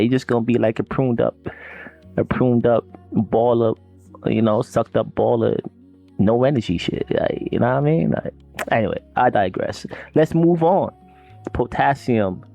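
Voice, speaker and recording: Dude with rambling slangy to listeners, mid pitch, lil music underneath. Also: male voice, vocal fry, darkish tone. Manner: slangy, loose and rambling, addresses listeners directly. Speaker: podcast host. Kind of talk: casual herbal talk.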